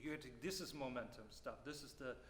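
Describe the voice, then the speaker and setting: A man teaching a music clinic, explaining phrasing and singing rhythms aloud with lively syllables. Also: mid-range voice, quick pace. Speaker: percussion clinician. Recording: roomy hall reverb, faint noise.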